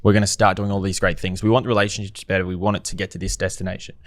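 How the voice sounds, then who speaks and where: A man's voice: deep voice, little pitch movement, rapid-fire, no room sound, studio quality. A man speaking as a guest on a podcast, talking reflectively and posing rhetorical questions in a casual conversation.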